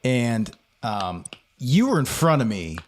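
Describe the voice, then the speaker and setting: A man's voice: mid-range voice, takes it slowly. A man co-hosting a podcast, talking casually and acting out the voices of the people in his story. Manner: animated storyteller, acts out quoted voices. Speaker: podcast host. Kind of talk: casual chat.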